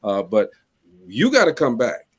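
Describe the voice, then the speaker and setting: A man hosting a talk show, closing it in a relaxed, jokey way. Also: mid-range voice, a little slow, slightly rough, no room sound. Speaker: host. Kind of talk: casual show wrap-up.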